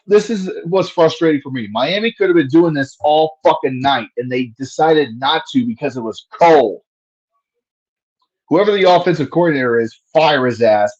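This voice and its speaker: A man's voice: mid-range voice, a little mellow, lo-fi sound. A man giving casual play-by-play commentary on a fan livestream, profane and frustrated, ranting between plays.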